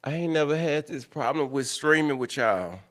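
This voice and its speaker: A young man on a livestream chats casually with viewers at a moderate pace, his voice on the high side with lively intonation. Loud and exasperated, he swears bluntly over tech problems.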